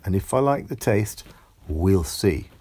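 A man's voice: deep voice, lively intonation, unhurried, a little mellow, husky, heavily acted. A man voicing a clever, polite girl in a bedtime story, speaking earnestly and firmly. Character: clever polite girl who eats oranges.

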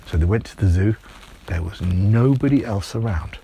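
A man telling an improvised bedtime story in a lively, playful way. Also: on the low side, normal speed, creaky, breathy edge.

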